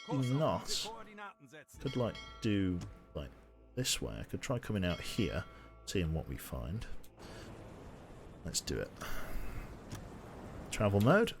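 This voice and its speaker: A man's voice: sits low, very animated, takes it slowly, vocal fry, long pauses, music in the background. A man chatting casually while streaming a game, rambling with lots of fillers and restarts. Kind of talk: casual gaming livestream commentary.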